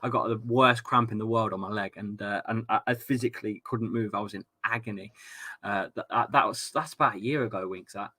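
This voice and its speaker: A man's voice: lowish voice, a little fast, pushed and bright. A young Englishman hosting a football fan watchalong, reading out chat comments in a jokey, rambling way and often repeating himself. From England. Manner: chatty, jokey, repeats himself and stumbles on words. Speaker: host of a fan watchalong stream. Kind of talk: casual live-stream chat reading comments.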